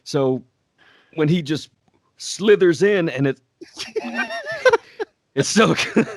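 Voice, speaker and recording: A man's voice: fairly high pitch, animated, slow, no echo, clean studio sound, exaggerated voice. A man putting on an old man voice as a podcast guest, laughing as he tells a story. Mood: storytelling. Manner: laughs through his own story. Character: slow-talking old man voice. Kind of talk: casual podcast chat.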